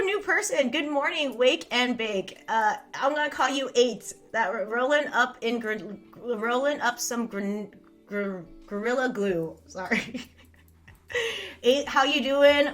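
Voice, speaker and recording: A bright, fairly high-voiced woman in her thirties hosts a casual live stream. She reads chat aloud, rambles, mocks herself, and giggles often. She is from California. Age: 30s. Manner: giggly, rambling, self-mocking, laughs often.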